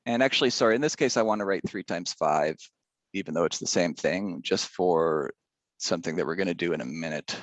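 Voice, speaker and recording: A man's voice: sits low, fairly quick, no echo. A male teacher giving a casual math lesson, chatty and rambling, drifting into side stories.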